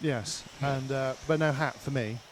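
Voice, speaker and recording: A man's voice: medium pitch, unhurried, a little hiss or hum, rough recording. A man co-commentating on a race, giving dry, short replies in casual banter.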